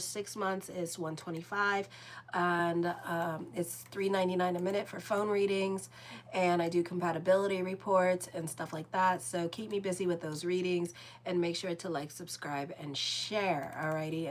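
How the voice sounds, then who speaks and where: A woman hosts her astrology channel, talking in a loose, chatty, rambling way and swearing bluntly. Her voice sits a little low, with a faint hum behind it. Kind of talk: casual horoscope monologue.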